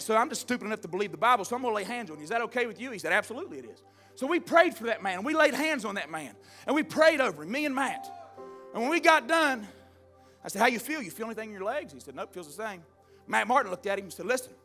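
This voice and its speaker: A man preaching a sermon, telling stories with fervor and building up to shouts. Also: very high-pitched. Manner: fervent storytelling preacher, swells to shouting.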